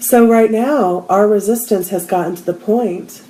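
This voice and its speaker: A woman, a spiritual healer, telling a personal story in a casual group talk and acting out the quotes with lively shifts in voice. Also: medium pitch, unhurried, reverberant, slight background noise, poor audio.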